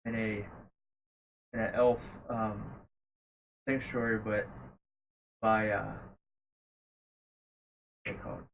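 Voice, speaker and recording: A man's voice: lowish voice, level tone, gravelly, highs cut off, a little hiss or hum. A man playing a shy young male moon elf who speaks hesitantly with many fillers and restarts. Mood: flustered. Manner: hesitant, halting, full of fillers.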